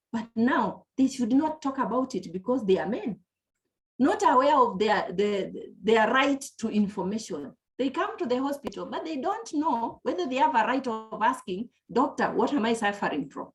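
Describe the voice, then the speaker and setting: A woman giving an earnest palliative care lecture over a video call, often restarting her sentences. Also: on the high side. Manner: earnest, explanatory, frequent restarts. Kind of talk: presentation lecture.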